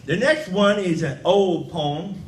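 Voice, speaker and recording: A man's voice: high-pitched, slow, recorded from a distance, noisy background. A man giving a live poetry reading in folksy dialect. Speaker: poet. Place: indoor event room. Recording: echoey room, faint ambience.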